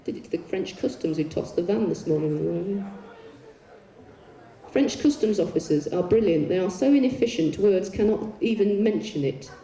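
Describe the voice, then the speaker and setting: A woman telling bawdy, swearing stories on a concert stage, with deadpan comic asides. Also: mid-range voice, normal speed. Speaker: poet performing on stage. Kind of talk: live stage storytelling. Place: large concert arena on stage. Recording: echoey arena heard from far off.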